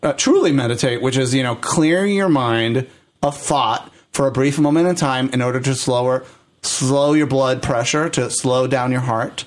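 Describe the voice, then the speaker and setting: A man's voice: mid-range voice, normal speed. A man hosting a casual chat, talkative and explaining things at length.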